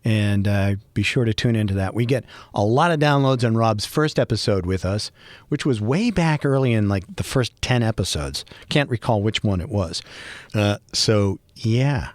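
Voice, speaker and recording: A man with a Boston accent hosting a podcast, talking alone in a rambling, animated way with joking asides. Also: fairly low pitch, normal speed, dry recording, clean studio sound. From Boston area, USA. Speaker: podcast host. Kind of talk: casual solo monologue.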